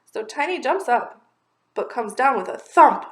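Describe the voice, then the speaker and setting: A woman reading a rhyming children's picture book aloud in a lively, expressive, sing-song way. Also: a little high, measured pace, reverberant. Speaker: children's story reader. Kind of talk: storybook read-aloud.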